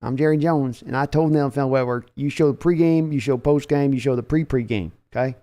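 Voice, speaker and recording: A man's voice: mid-range voice, a little fast, mellow, close to an everyday voice. A man doing an impression of a bossy, blustering older team owner who talks down to everyone.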